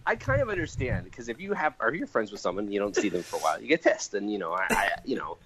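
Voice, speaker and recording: A man co-hosting a casual chat about comics, animated and laughing often as he acts out quotes. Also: lowish voice, fast, background noise. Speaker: podcast co-host.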